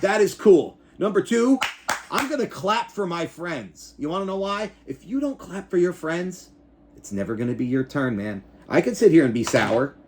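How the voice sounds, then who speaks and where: Man, 40s, vlog host; rambling, profane, very animated delivery with a wide pitch swing. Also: normal speed, background noise. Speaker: YouTuber and backyard wrestling show host. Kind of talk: casual reaction vlog.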